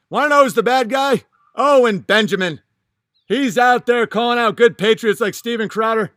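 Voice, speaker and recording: A comedian delivering a blunt, profane, ranting comedic monologue. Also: male voice, very high-pitched, moderate pace, a bit bright, no echo, studio quality.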